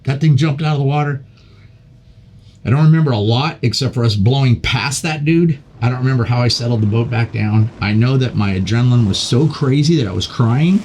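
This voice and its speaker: An older man, a podcast guest, telling a long story in a casual, animated way, with many repeats and restarts. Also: mid-range voice, brisk, breathy edge.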